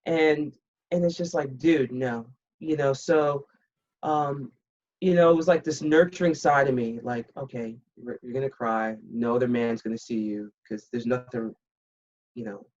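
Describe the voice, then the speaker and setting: She speaks a little slowly in a rumbling low voice. A retired military pilot in her fifties, she tells a podcast story frankly and bluntly, acting out the dialogue with animation. The casual interview is captured on a slightly muffled, dull recording.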